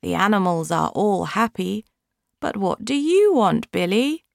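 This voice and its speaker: A woman reading a kindly, generous duke from a storybook. He speaks slowly and courteously, his voice lifted a little, in an unhurried, friendly tone. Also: medium pitch, very animated, gravelly, no echo, clean studio sound.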